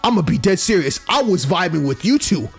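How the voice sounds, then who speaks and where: Excitable young man reacting. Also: high voice, fairly quick, creaky, husky, faint music behind. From United States. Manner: excitable, swearing, slangy. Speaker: gaming channel host. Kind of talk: let's play reaction commentary.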